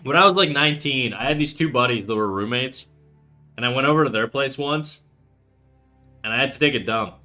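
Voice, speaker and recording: Bright-voiced man in his thirties, casual streamer. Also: medium pitch, a little fast, long pauses, faint music behind. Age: 30s. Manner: profane, laid-back, reads chat aloud. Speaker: art livestreamer. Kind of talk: casual livestream chat.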